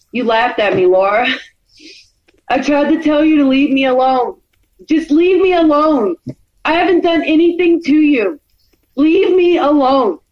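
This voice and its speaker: Brief: angry woman streamer, high voice, swearing tirade, dull muffled audio. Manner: furious, profane, repetitive and threatening. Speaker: livestreamer. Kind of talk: angry confrontational rant.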